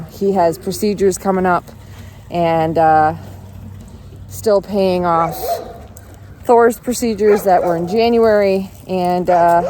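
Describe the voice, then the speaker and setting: A woman's voice: fairly low pitch, dark tone, a little hiss or hum. A woman telling a story in a casual vlog while walking her dog outdoors, chatting and breaking off to talk to the dog. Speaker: vlogger.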